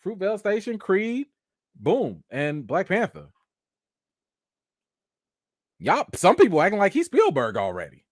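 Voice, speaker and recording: A man's voice: high voice, huge pitch swings, moderate pace, no room sound, clean studio sound. A man giving casual live-stream commentary, emphatic and slangy, firing off rhetorical questions.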